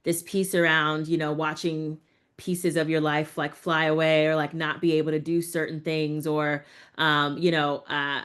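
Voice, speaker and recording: A woman's voice: low-pitched, level tone, measured pace, a bit bright, smooth. A woman in her thirties, speaking as a family caregiver on a panel, thoughtful and searching for words. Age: 30s. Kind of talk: reflective webinar conversation.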